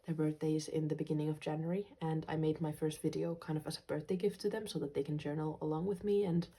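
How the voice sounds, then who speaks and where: Soft-spoken woman with a gravelly low voice. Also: flat delivery, quick pace. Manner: soft-spoken, gentle, slips into quiet whispers. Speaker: journaling channel host. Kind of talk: casual vlog talk.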